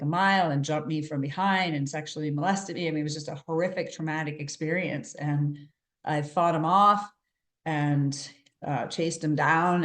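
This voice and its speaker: Low-pitched woman in her 50s coaching, earnest and chatty, keeps asking "right?", echoey room. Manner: earnest, conversational, with frequent "right?" check-ins. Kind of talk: coaching call talk.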